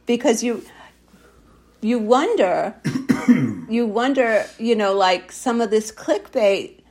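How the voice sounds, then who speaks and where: A woman co-hosting a podcast in a relaxed conversational chat, talkative and quick to laugh. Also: on the high side. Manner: chatty, laughs easily. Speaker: podcast co-host. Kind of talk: casual chat.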